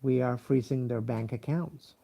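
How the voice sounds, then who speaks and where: Sleepy, gravelly man. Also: mid-range voice, dark tone, slight background noise. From Mexico. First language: Spanish. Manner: halting, many fillers and restarts, profane. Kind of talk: rambling casual monologue.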